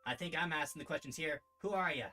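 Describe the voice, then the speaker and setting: A man's voice: a little high, fast, bright, forceful tone, soft background music. Man doing a cocky half-oni tough girl. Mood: dismissive. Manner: casual, drawling, dismissive. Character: cocky half-oni woman, blunt and rough.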